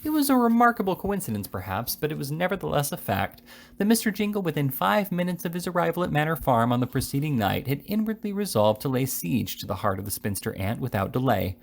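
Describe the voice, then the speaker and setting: A man's voice: on the high side, sing-song, fast, gravelly. A man casually reading a classic novel aloud, with frequent small slips and restarts. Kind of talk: casual read-aloud narration.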